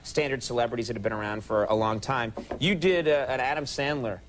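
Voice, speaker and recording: A man hosting a talk show, asking questions in a relaxed, amused way and laughing along with his guest. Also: mid-range voice, brisk, noisy background. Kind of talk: casual interview chat.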